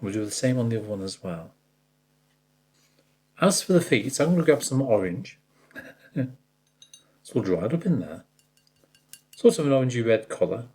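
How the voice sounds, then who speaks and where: A man's voice: mid-range voice, sing-song, moderate pace, pauses often, mellow. A man giving a step-by-step watercolour painting tutorial, chatting directly to the viewer and joking about his own slips.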